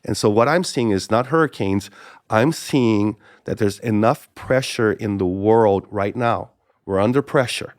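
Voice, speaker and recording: A middle-aged man from Hawaii who works as a pastor speaks as a podcast guest, in a lowish voice recorded close and dry. He tells stories in an animated way, stumbling into quick restarts and repeating his phrases for emphasis. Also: no echo. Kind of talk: conversational storytelling interview.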